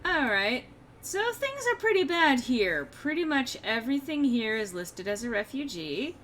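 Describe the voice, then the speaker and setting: A woman's voice: on the high side, very animated, normal speed, a bit bright, a little hiss or hum. A woman streaming a video game, commenting casually with irreverent jokes and casual swearing. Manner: joking, irreverent, swears freely. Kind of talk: casual let's-play commentary.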